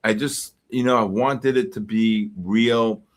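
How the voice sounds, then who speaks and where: A man from the Bronx, hosting a live futures trading stream and reacting excitably to the market while greeting viewers. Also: lowish voice, slow. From the Bronx, New York. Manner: excitable, greets chat names in bursts. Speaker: host and futures trader.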